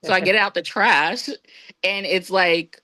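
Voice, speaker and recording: A woman guest on a podcast, telling a personal story in a casual, lively way and acting out what others said. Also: measured pace, no echo. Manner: lively, acts out quoted voices with big pitch jumps.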